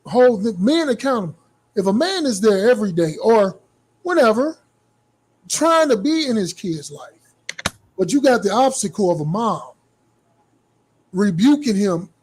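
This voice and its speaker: Podcast guy arguing back, kinda high-pitched, casual talk. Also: darkish tone, slightly rough. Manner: challenging, argumentative. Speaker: podcast co-host.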